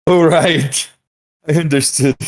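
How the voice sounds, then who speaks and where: Man, tabletop player, slow speech, short unsure replies, remote call. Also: fairly high pitch, steady tone, gravelly. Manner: brief hesitant answers. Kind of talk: tabletop game play.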